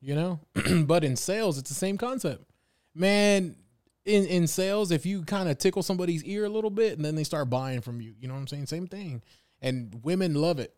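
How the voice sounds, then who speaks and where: A man's voice: fairly high pitch, moderate pace, a little mellow. A man chatting casually on a podcast, laid-back and agreeable, often laughing along. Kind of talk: casual chat.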